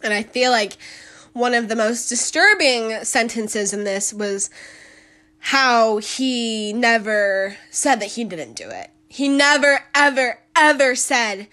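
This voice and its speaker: A woman's voice: on the high side, animated, slow pace, bright, forceful tone. A woman hosting a solo podcast, talking bluntly and emphatically in a casual commentary style. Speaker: podcast host.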